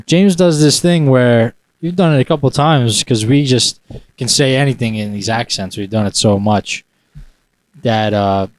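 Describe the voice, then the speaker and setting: A man's voice: mid-range voice, a little slow, slight background noise. A man co-hosting a podcast in casual chat, teasing and laughing a lot. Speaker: podcast co-host.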